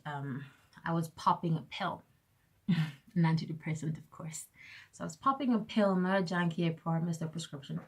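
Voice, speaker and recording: A young woman talks straight to her viewers in a casual vlog rant, her voice sitting a little low. She tells her stories with exasperated sarcasm and slips into mocking voices when she quotes other people. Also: darkish tone. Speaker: vlogger.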